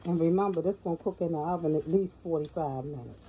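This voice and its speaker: A woman's voice: deep voice, fast talker, phone-quality sound, slight background noise. A middle-aged woman giving a folksy, chatty cooking tutorial in her home kitchen, often calling out to viewers as y'all. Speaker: home cook.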